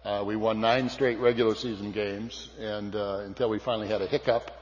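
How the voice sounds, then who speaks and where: A man's voice: fairly low pitch, flat delivery, a little fast. An older man from California telling a folksy, self-deprecating story to an audience, with frequent fillers and restarts. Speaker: speaker. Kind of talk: storytelling speech. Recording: dull sound with long hall reverb.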